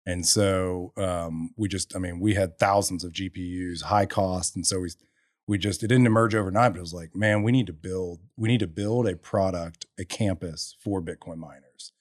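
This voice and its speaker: In clean studio audio without echo, a Texan energy entrepreneur guesting on a podcast relates his story at a normal pace, his voice sitting low. The chat is casual, and he's an animated storyteller who acts out quotes and breaks into bursts of laughter.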